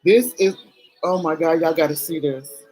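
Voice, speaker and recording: A woman's voice: sits low, normal speed, mellow, faint music behind, poor audio. A middle-aged woman talking candidly to her camera in a chatty, emotional vlog, swearing casually as she goes. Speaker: vlogger.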